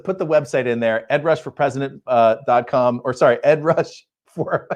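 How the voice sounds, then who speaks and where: A man's voice: normal speed, hardly any pauses. Chatty man hosting a live stream. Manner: chatty, laughs often, reads viewer comments; energetic, emphatic pitch. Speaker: host of a live online show. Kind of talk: casual live-stream talk.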